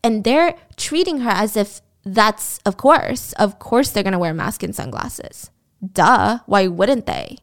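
A woman hosting a podcast, telling a story in a casual, animated and indignant way. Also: medium pitch, a little slow. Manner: animated, indignant, acts out quotes. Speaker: podcast host.

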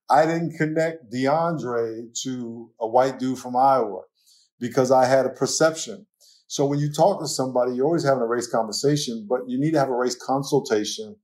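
A storytelling pastor, older and New York-accented, chats on a podcast with a darkish tone and a middle-range male pitch. Laughter comes easily, and he often acts out little quotes.

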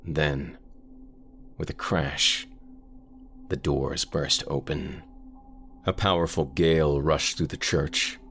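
A man narrating a scripted horror story in a measured, ominous way. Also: a bass voice, steady tone, fairly bright tone, slight background noise.

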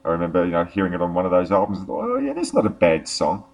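A man's voice: sits low, wildly swooping pitch, rapid-fire, creaky. A man hosting a music podcast in casual, rambling chat. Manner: rambling, many fillers and restarts. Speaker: podcast host.

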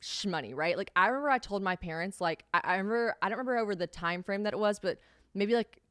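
A woman hosting a casual solo podcast, chatty and unfiltered, with plenty of swearing mixed in. Her voice sits at an ordinary middle pitch for a woman. It is recorded close and dry, with no room sound around it. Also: animated, fast talker, a bit bright, smooth, no room sound. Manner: candid, profane, chatty storytelling. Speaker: podcast host.

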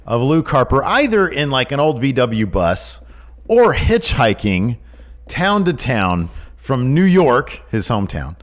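A man co-hosting a laid-back podcast chat, his voice swinging up and down as he pitches one idea after another. He sounds eager and talkative, with a middle-pitched voice. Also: unhurried. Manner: animated, pitching ideas eagerly. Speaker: podcast co-host. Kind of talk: casual chat.

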